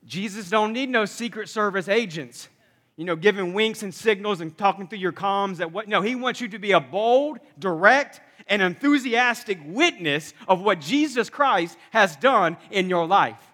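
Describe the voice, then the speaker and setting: A man preaching a sermon to a congregation, energetic and conversational, with humorous asides. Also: high voice, moderate pace, in a large hall. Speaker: pastor. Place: church sanctuary.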